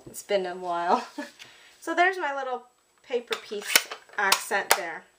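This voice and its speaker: A woman's voice: medium pitch, sing-song, unhurried, very noisy. A woman casually narrating a card-making tutorial at her craft table, chatty and apologetic, with plenty of ums.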